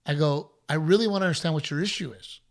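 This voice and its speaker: A middle-aged man hosting a podcast, telling a story in a casual, animated way and acting out other people's voices. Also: on the high side, quick pace. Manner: animated, acts out heckler voices. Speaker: podcast host.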